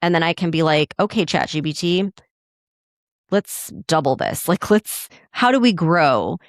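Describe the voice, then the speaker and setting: Animated woman podcast host, lowish voice. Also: a little slow, no echo, studio quality. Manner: animated, acts out quotes in a raised voice, many likes. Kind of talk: casual storytelling monologue.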